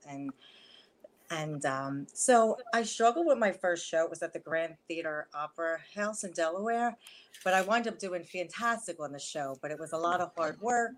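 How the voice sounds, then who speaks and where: A woman with a Philadelphia accent chats about her acting in a loose, rambling way. Her voice sits a little low. A faint hum of background noise runs under the call. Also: moderate pace. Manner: rambling, chatty, laughs often. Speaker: actress guest. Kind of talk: casual video call interview. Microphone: wireless earbuds at first.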